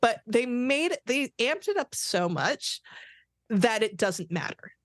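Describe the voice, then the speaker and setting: A woman's voice: a little high, big pitch swings, unhurried, no echo, studio quality. A woman co-hosting a podcast, musing in an amused, casual way. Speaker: podcast co-host. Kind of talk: casual chat.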